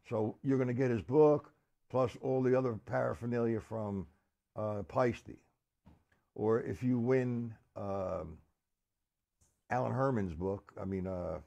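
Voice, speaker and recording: A man giving a live-streamed drum lesson. He counts beats out loud and chats casually with viewers between exercises. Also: medium pitch, gravelly. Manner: counts out loud over drumming, chatty asides to viewers. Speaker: drum teacher. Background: drum kit playing.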